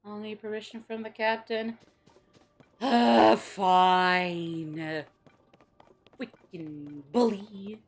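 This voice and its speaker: A woman's voice: mid-range voice, level tone, drawn-out words, soft background music. A young woman streaming a video game, chatting playfully with her viewers and laughing often. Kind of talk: casual gameplay commentary.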